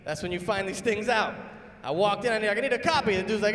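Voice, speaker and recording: Bright, high-voiced stand-up man. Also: fast. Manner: conversational, acts out both sides of exchanges. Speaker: stand-up comedian. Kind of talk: stand-up set. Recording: echoey hall from far off.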